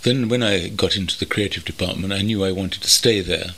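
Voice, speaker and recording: An older man from North London, reminiscing thoughtfully as an interview guest, pausing often with ums. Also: sits low, fairly bright tone, slight background noise. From North London, England. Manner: thoughtful, measured, with many pauses and ums. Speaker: interview guest, veteran copywriter. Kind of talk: reflective reminiscing. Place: country home.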